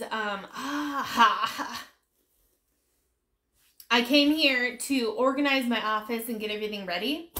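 A chatty woman live-streaming from her office, fighting back tears while she talks and laughs it off. Her voice sits a little high, and the room gives it a clear echo. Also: a bit bright. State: tearful, fighting back crying. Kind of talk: casual live stream chat. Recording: echoey room.

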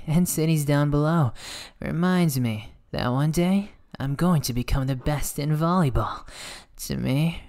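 A voice actor playing a cocky, teasing teenage boy volleyball setter in a soft, whispered role-play. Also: medium pitch, lightly acted. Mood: earnest. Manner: playful, teasing, soft-spoken. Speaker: ASMR voice actor.

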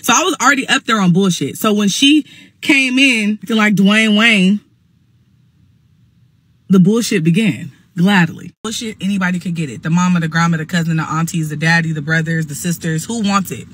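A woman's voice: fairly low pitch, a little fast, fairly bright tone, slightly rough, no echo. A young adult woman telling a heated storytime, blunt, profane and emphatic. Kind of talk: casual storytime monologue.

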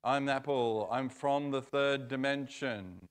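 A man voicing a cheerful apple from the third dimension, bright and coaxing. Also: mid-range voice, fairly even intonation, takes it slowly, clean tone, natural voice.

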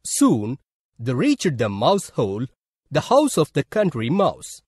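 A man with an Indian English accent narrating a children's story for a school lesson in a slow, deliberate way. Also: mid-range voice, huge pitch swings, husky, no echo, clean studio sound.

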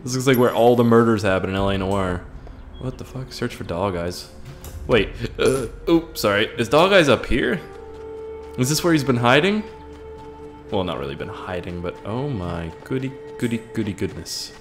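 Excitable, profane young man gaming. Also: mid-range voice, normal speed. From Canada. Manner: excitable, profane, laughing reactions. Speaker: gaming channel host. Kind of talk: let's play commentary. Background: game music and sound effects.

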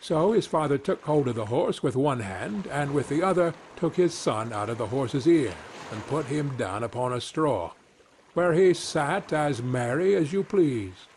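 A man reading a fairy tale aloud as a gentle, measured bedtime story. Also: mid-range voice, lively intonation, slight background noise.

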